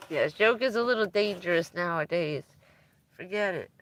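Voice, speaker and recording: A woman's voice: fairly low pitch, a bit bright. A woman livestreaming from inside her van, chatting casually with viewers and laughing often as she tells stories.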